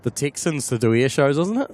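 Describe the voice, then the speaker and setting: A man's voice: mid-range voice, very animated, brisk, a little mellow. Chatty New Zealand man streaming live. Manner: chatty, answers viewer comments by name. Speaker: plane-spotting live streamer. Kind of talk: casual live-stream commentary.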